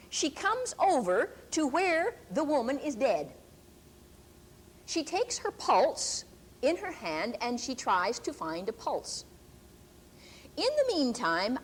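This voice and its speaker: An older woman preacher telling a testimony in a sermon, deliberate and emphatic, drawing out key words slowly. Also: high voice, a little hiss or hum. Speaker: preacher and Bible teacher.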